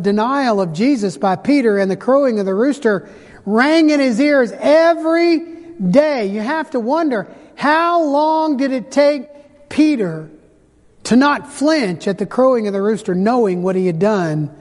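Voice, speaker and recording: A man preaching a sermon, retelling scripture with dramatic pauses and slowed emphasis. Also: high voice, a little mellow. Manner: dramatic storytelling, slows for emphasis. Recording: hall reverb.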